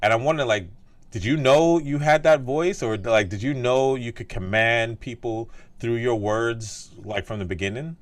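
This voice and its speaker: A man's voice: mid-range voice, moderate pace, no room sound. A man hosting an interview who talks in a thoughtful, casual way, filling his sentences with "like" and "right?". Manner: thoughtful, heavy use of "like" and "right?". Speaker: podcast host, doctor.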